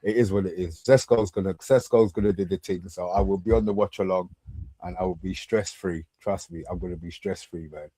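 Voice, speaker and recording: A man's voice: deep voice, steady tone, fairly quick, warm tone, dry recording. A man co-hosting a football fan podcast, laid-back and slangy. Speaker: podcast co-host. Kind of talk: casual football fan chat.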